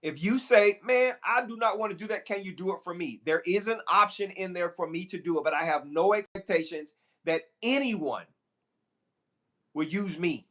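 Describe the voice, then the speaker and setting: Man, recruiter, live stream talk, high voice, animated, repetitive emphasis. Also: normal speed. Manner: animated, preachy, repeats phrases for emphasis.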